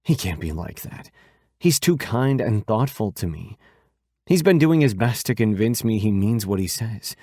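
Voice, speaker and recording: A man with a lowish voice narrates an audiobook in a steady, measured way. The recording is dry and close, with no room sound. He keeps an even storytelling pace. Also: dry recording.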